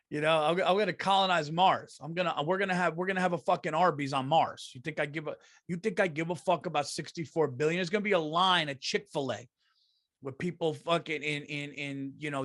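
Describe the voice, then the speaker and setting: A middle-aged man, hosting a comedy podcast and ranting profanely, swinging from loud outbursts to low mutters. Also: no room sound, studio quality.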